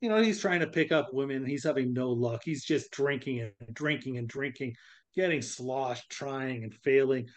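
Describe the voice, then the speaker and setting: A man's voice: medium pitch, moderate pace. A man co-hosting a casual podcast, telling a joke and acting out the voices in it. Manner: animated storyteller, acts out voices. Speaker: podcast co-host.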